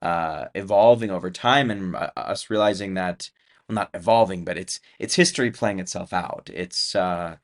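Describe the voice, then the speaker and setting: Low-voiced man, thoughtful and reflective. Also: moderate pace. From United States. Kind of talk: casual conversation.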